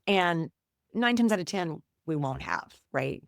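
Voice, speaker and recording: A woman in her fifties speaking as a guest on a podcast, in a slightly low voice recorded dry and close to the mic. She tells her stories in an animated, chatty way and laughs every so often. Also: normal speed, dry recording. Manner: animated storyteller, laughs while telling stories. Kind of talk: conversational storytelling.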